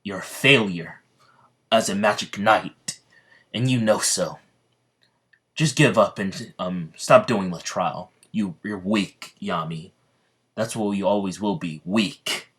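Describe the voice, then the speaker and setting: A man's voice: on the low side, animated, a little slow, few pauses, breathy edge. A man voicing a cold, contemptuous male wizard ruler who taunts. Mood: scornful.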